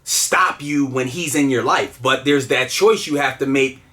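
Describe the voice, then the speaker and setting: A man's voice: medium pitch, unhurried, a bit bright. A man telling a personal story in casual, earnest conversation, with lots of fillers and restarts. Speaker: guest telling his story.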